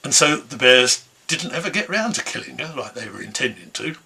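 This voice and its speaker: Brief: male storyteller, bright, husky, relaxed folk-tale telling. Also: medium pitch, a little fast. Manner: easygoing, conversational telling. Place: home, online concert.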